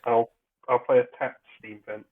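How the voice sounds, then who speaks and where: Husky man on a tinny call line. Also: mid-range voice, flat delivery. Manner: halting, explains rules. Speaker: player. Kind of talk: casual game chat.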